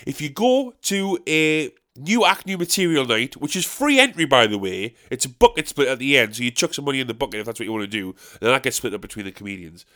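A man's voice: very animated, fast, hardly any pauses. Ranting North East English comedian man. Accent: North East English (South Shields). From South Shields, England. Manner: exasperated ranting, swearing, with sharp high-pitched "what?" outbursts. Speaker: stand-up comedian. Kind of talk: casual monologue podcast.

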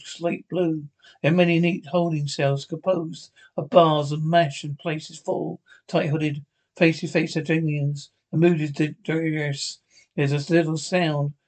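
A man reading a television script aloud for a podcast. His voice sits a little high for a man, and he often trips over words and restarts them as he goes. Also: a little mellow. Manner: stumbling, frequent restarts and slips. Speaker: podcast reader.

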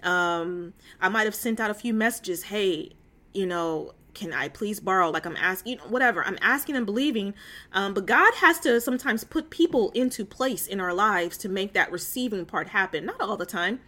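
Captured on a phone call, a woman with a medium-pitched, sharp-toned voice speaks at normal speed while hosting an informal talk about faith. She's earnest and emotional, chatty and prone to fillers and digressions.

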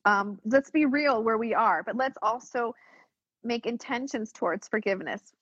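A woman with a fairly high, breathy voice talks earnestly and bluntly about forgiveness in a relaxed podcast conversation. She is frank and emphatic and swears casually. The sound is dry and a little dull and lo-fi. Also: normal speed, no room sound. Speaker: spiritual teacher. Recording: dull lo-fi recording.

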